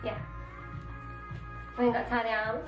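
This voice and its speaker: A woman's voice: fairly high pitch, flat delivery, unhurried, roomy sound, music in the background, rough recording. A young woman vlogger, chatting casually and agreeing easily with her co-host. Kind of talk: casual try-on haul chat.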